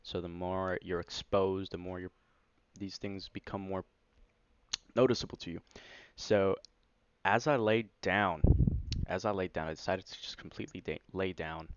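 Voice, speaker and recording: A man with a deep, low voice tells a personal story on his vlog, rambling along with plenty of "like" and "you know." He sounds excited and animated as he recounts it. The recording is dry and a bit dull, lo-fi. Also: smooth, dry recording. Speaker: vlogger. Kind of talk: casual first-person storytelling.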